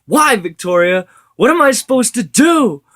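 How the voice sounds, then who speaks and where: A man voicing a grieving grandfather, an older man whose strained talk breaks into anguished shouts. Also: lowish voice, steady tone, measured pace. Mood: screaming anguish.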